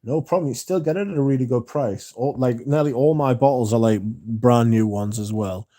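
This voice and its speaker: A man's voice: mid-range voice, normal speed, mellow. A young British man hosting a casual livestream, chatting loosely and reading out viewer comments, drowsy, with lots of filler words. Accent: British English. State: drowsy, yawning. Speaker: livestream host reading chat.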